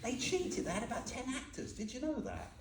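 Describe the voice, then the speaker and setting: A man's voice: very high-pitched, huge pitch swings, brisk. A man giving an informal, humorous Buddhist talk, quizzing his listeners as he goes. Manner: chatty and humorous, asks the audience questions. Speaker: Buddhist teacher. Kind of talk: informal dharma talk to a group. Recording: echoey room with faint noise.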